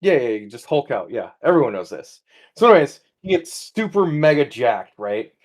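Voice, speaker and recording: A young man co-hosting a comedy podcast, telling an absurd story in halting, rambling bursts. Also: mid-range voice, very animated. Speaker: podcast co-host. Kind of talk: casual comedic chat.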